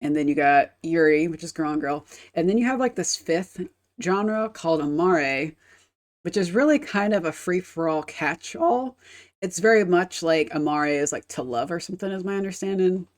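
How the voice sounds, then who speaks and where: A woman's voice: fairly low pitch, animated, normal speed. A woman game streamer chatting casually on a live stream, rambling and explaining with casual swearing.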